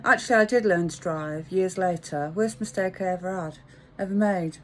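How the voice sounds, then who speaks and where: A woman's voice: on the low side, normal speed. A woman, telling a rambling, frank anecdote in a chatty way. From English Midlands. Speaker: vlogger. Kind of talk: casual storytelling monologue.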